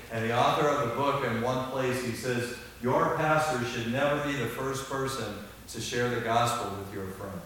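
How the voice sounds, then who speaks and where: An older man preaching a sermon as pastor, emphatic, moving between quiet, low stretches and loud stressed lines. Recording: echoey hall from far off, faint hiss.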